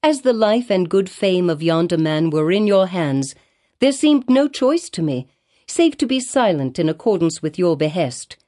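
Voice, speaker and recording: A woman's voice: on the low side, lively intonation, normal speed, warm tone, natural voice. A woman voicing a grave, sorrowful, resolute woman in a storybook, with a solemn and earnest delivery.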